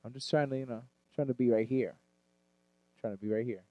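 A man co-hosting a fantasy football podcast, ranting loudly with constant swearing and laughter. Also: mid-range voice, fairly even intonation, a little fast, no echo, phone-quality sound. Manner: loud, swearing rants and laughter. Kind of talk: profane casual sports chat.

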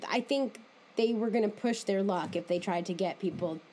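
A woman's voice: medium pitch, normal speed, warm tone, a little hiss or hum. A woman co-hosting a casual chat, giving wry reactions and her own take. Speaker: podcast co-host.

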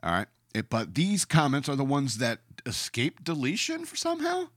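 A man hosting a podcast and ranting with sarcastic emphasis, his pitch leaping up and down as he works himself up. He mocks as he reads out old comments, in a middle-range voice. The recording is dry and close, with no room sound. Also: wildly swooping pitch, normal speed, fairly bright tone, no room sound.

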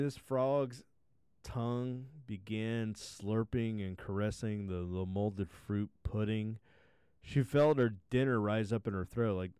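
A man with a lowish, smooth voice narrates a bawdy fairy tale. He breaks in with crude, swearing asides. His sound is dry and close to the mic. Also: darkish tone, no room sound. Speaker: podcast host, storyteller. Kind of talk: profane comic fairy-tale retelling.

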